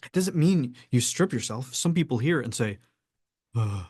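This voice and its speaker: Guy giving a calm coaching talk, acts out quotes, dry close mic. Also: medium pitch, husky, no echo. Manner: measured, acts out quoted people. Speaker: spiritual coach.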